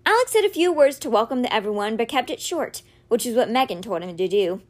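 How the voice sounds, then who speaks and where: A woman's voice: fairly high pitch, quick pace. Woman reading a children's novel aloud. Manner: expressive storytelling narration. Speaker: audiobook reader.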